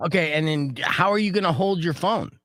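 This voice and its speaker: Brief: excitable male morning host, slightly high voice, dry studio sound. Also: a little fast, no room sound. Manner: excitable, swears, pitch jumps up when worked up. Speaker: radio morning show host. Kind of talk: casual on-air banter. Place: radio studio.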